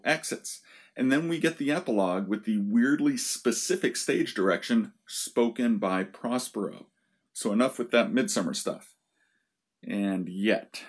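A man's voice: medium pitch, slightly rough. A man giving a lecture on verse, talking to his listeners in a conversational way with wry asides. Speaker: literature lecturer.

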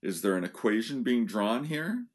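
A man's voice: fairly low pitch, sing-song, moderate pace. A man giving a casual analytical talk on poetic meter, informal with little asides. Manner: informal, with asides like "you know" and "so yeah". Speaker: literature lecturer.

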